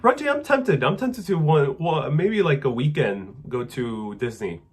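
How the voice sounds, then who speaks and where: A man's voice: on the high side, measured pace, husky. Casual man reading chat questions. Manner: relaxed, rambling, many fillers, reads viewer comments aloud. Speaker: travel live streamer answering chat questions. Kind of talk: casual live stream Q&A. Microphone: wireless clip-on mic.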